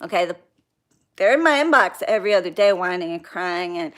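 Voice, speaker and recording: A woman's voice: on the low side, lively intonation, a little fast, fairly bright tone. A young woman hosting a casual livestream, venting bluntly about clients, swearing freely and greeting viewers by name. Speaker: spiritual practitioner hosting a livestream.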